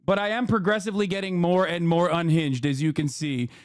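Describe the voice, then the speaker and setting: A male political commentator on a live stream, reacting in a profane, animated and boastful way. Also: high voice, a little fast, no echo, studio quality.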